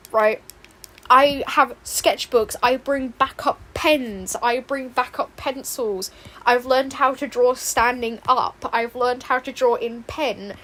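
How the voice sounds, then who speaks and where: Young woman, high pitch, chatty, rambling, laughing asides. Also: fairly even intonation, slow pace, a bit bright. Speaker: streamer and artist. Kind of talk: casual chat while drawing. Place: home room, indoors.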